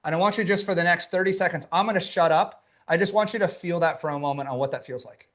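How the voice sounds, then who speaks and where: A man's voice: on the high side, quick pace, fairly bright tone. A man giving a motivational workshop as a business coach, emphatic and punchy, repeating his key lines and talking straight to his audience. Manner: emphatic, punchy and repetitive, speaking to a live chat.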